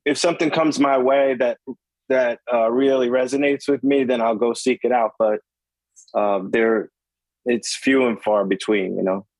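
Laid-back New York musician guest. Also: male voice, mid-range voice, steady tone, moderate pace, a little mellow, no echo, low-quality recording. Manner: laid-back, filler-heavy. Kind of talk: casual interview chat.

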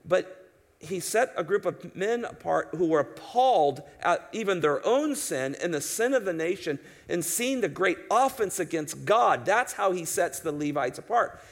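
A man's voice: sits high, lively intonation, normal speed. A man preaching an expository sermon in an emphatic, conversational way, asking his listeners rhetorical questions. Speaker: pastor.

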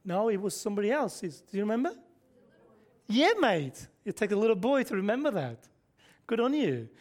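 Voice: medium pitch, big pitch swings, moderate pace, darkish tone. Preacher, laid-back sermon, keeps asking the crowd stuff and chuckling. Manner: conversational, quizzes the congregation, frequent rhetorical questions; chuckles often mid-sentence.

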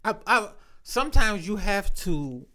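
A man's voice: high voice, big pitch swings, measured pace, sharp tone. A man in casual chat, telling loose, profane stories full of slang.

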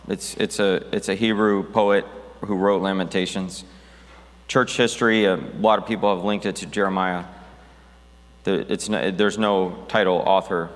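A man's voice: sits low, fairly bright tone, long reverb tail. A man preaching a sermon as pastor, talking conversationally with restarts and reading scripture aloud.

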